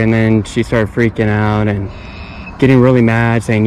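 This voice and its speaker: A young man films a fishing vlog at an outdoor pond on an action camera, chatting in a laid-back way and often repeating himself. His lowish voice is a little mellow, fairly even and brisk, and the low-quality recording carries slight background noise.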